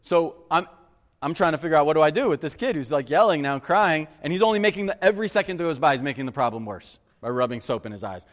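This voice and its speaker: A man preaching a sermon. He tells a personal story in an earnest, animated way and keeps addressing the crowd as guys. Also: a little high, quick pace. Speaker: pastor. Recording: long reverb of a large hall.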